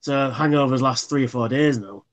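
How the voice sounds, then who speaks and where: A man's voice: medium pitch, normal speed. A man in his thirties, hosting a live stream in casual chat, rambling through anecdotes and swearing freely. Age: 30s.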